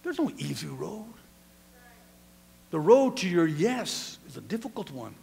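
A man preaching a sermon as pastor, animated, dropping to a hush and then rising to shouts. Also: high-pitched, measured pace, creaky. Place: church sanctuary. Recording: long church hall reverb.

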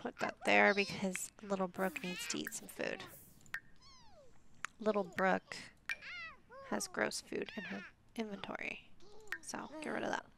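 A woman's voice: mid-range voice, expressive, measured pace, gravelly, long pauses, noisy background. A woman giving casual gameplay commentary, chatty and sassy as she bosses her game characters around.

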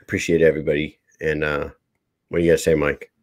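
A man's voice: a bass voice, level tone, quick pace, dry recording. A man co-hosting a live podcast, talking in a casual, rambling, profane way. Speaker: podcast co-host. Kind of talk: casual chat.

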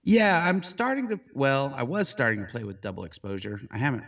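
A middle-aged man, a photographer, telling a story in casual conversation, animated and jumping high in pitch when he quotes himself, heard over a video call. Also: brisk, far from the mic, muffled recording. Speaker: photographer guest.

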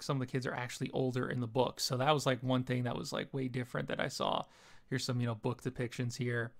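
Male reviewer, casual and rambling, filler-heavy, mid-range pitch. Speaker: TV episode reviewer.

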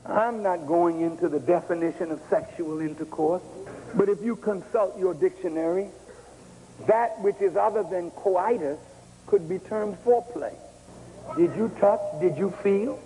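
Male speaker, raised pitch, slow emphatic points, reverberant auditorium. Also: mellow, slight background noise. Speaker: speaker at a public address. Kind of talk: public speech. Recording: long hall reverb on archive recording.

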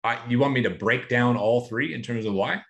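A man's voice: medium pitch, fairly quick, gravelly, a bit bright, muffled recording. A man as a guest in a casual chat, blunt and exasperated.

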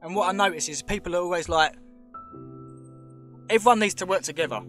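A man's voice: sits high, a little fast, a bit bright, soft background music. An English man giving a casual, emphatic vlog commentary, talking straight to his viewers and calling them mate. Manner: chatty, emphatic, keeps saying "mate", talks straight to viewers. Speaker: vlogger.

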